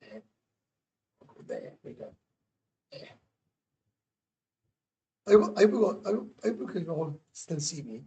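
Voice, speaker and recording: A man's voice: fairly high pitch, very animated, slow pace, vocal fry, long pauses, dark tone, slight background noise. A Welsh man hosting a casual livestream, chatty and blunt, swearing freely as he talks to viewers. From Wales. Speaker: livestream host. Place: home in Thailand.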